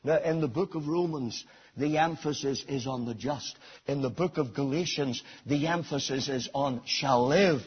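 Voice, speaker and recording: A man preaching a sermon, swinging between soft, intimate appeals and loud, shouted climaxes. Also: mid-range voice, normal speed, breathy edge, muffled recording.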